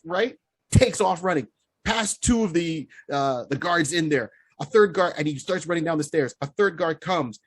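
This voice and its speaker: A man co-hosting a casual podcast, telling a funny story excitedly and laughing along the way. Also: fairly high pitch, breathy edge. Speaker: podcast co-host.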